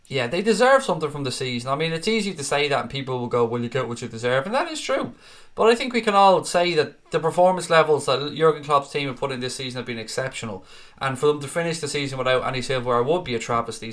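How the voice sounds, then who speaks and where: A man's voice: medium pitch, fairly bright tone. A tired man hosting a football fan live stream, chatting casually and answering viewer comments by name, calling them mate.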